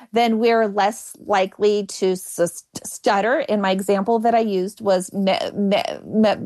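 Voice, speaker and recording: A woman's voice: medium pitch, darkish tone. A woman comedian who stutters, talking frankly and with self-mocking humor as a guest in an interview. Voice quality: stutters, with repeated sounds and blocks. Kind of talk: candid interview chat.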